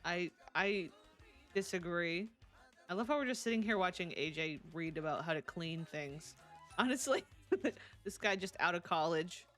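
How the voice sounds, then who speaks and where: A woman with a somewhat low voice chats casually through a live game stream. She laughs often and talks straight back to her viewers' messages. Soft music plays quietly behind her. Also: animated, moderate pace. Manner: chatty, laughs often, answers chat messages. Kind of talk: casual live-stream chat while playing.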